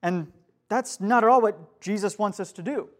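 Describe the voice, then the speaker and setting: A man's voice: high voice, normal speed. A young man, a youth pastor, giving a casual youth group sermon to a live room, asking the listeners questions as he goes.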